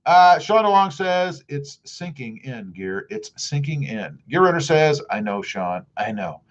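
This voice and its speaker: A man's voice: on the high side, sing-song, a little slow, lo-fi sound. A middle-aged man with a Southern US accent, chatting casually on a livestream and reading viewer comments aloud. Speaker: livestream host.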